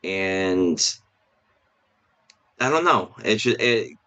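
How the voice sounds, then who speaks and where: A man's voice: sits low, lively intonation, extremely slow, sharp tone. A man co-hosting a casual film review podcast, talking hesitantly with many restarts and fillers. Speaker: podcast co-host. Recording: dull lo-fi stream audio.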